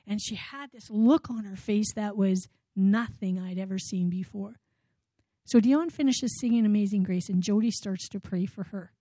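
A woman speaks in church, telling her outreach stories earnestly and repeating key phrases for emphasis. Her voice is mellow and warm, and it sounds close and dry. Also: on the high side, dry recording. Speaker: outreach worker giving a testimony. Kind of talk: church testimony.

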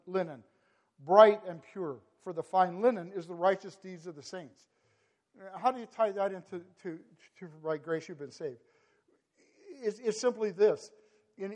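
A man's voice: high-pitched, a little mellow. A man preaching a sermon, impassioned and repetitive, building to emphatic peaks. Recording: long hall reverb.

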